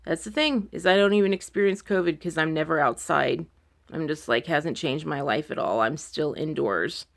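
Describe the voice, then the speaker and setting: Filming a personal video diary indoors at home, the vlogger is anxious and close to crying, rambling to her followers with many fillers. She has a low, gravelly voice and talks at an ordinary pace.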